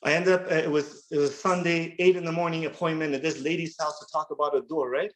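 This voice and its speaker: A man in his thirties sharing his recovery story at a workshop, earnest and halting, often repeating words as he restarts. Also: fairly high pitch, steady tone, fairly bright tone, poor audio. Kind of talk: personal recovery share.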